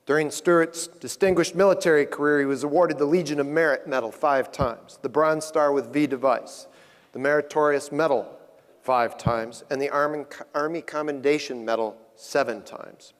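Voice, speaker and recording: A man working as emcee, giving a measured, formal introduction of the next speaker. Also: a little high, steady tone. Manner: measured, ceremonial. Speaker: event emcee. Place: large conference hall. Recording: reverberant conference hall.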